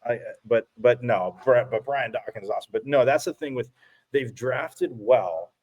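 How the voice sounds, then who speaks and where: A man co-hosting a casual sports talk show, rambling and restarting as he tells animated stories. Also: medium pitch, normal speed, dull audio. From from Phoenix area.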